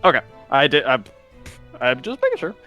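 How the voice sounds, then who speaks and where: A man's voice: mid-range voice, huge pitch swings, normal speed, pushed and bright. A man running a tabletop game over voice chat, narrating in a loose, rambling way with plenty of ums and "such like that." He is casual and conversational, with faint music underneath. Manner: casual and meandering, full of fillers and "such like that". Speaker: game master.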